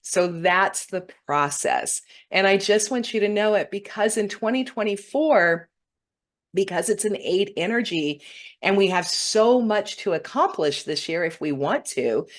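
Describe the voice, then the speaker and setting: A woman's voice: mid-range voice, animated, measured pace. A middle-aged woman hosting a spiritual talk, speaking earnestly and getting emotional when moved. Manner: earnest, warm-hearted, often tearful when moved. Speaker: spiritual teacher hosting a weekly broadcast. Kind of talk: heartfelt spiritual talk to viewers.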